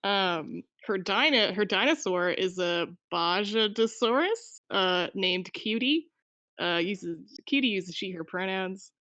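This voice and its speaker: A woman's voice: medium pitch, lively intonation, slow pace, sharp tone, no room sound. A woman player rambles casually through her character's details, restarting her sentences and laughing often. Her voice sits in the middle of her range. It comes through a home mic on a video call, dry and a bit muffled. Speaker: player in a tabletop game.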